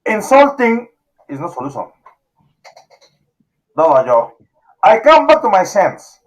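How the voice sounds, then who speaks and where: A man's voice: very animated, a little slow, lo-fi sound. A man hosting a talk show, talking with emotion, pleading and repeating himself. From South Sudan. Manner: emotional, pleading, repeats phrases, voice swings high and low. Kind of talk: impassioned call-in talk show.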